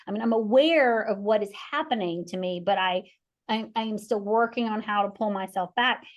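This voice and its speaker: Over dull audio, a forties-aged female podcast host with a medium-pitched voice speaks at a moderate pace. Her animated, rambling storytelling features acted-out voices of her relatives and herself, plus restarts and bursts of laughter.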